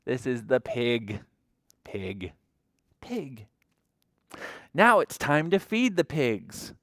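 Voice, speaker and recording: A woman's voice: rumbling low, big pitch swings, drawn-out words, no room sound, studio quality. Sing-song woman reading to toddlers. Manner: sing-song, coaxing, asks children questions. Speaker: children's librarian. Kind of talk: toddler story time read-aloud.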